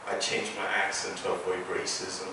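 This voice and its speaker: A young man from England doing a stand-up comedy routine, animated, with loud punchlines and laughing at his own jokes. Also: sits low, normal speed, noisy background. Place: small theatre stage. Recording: echoey theatre, mic from a distance.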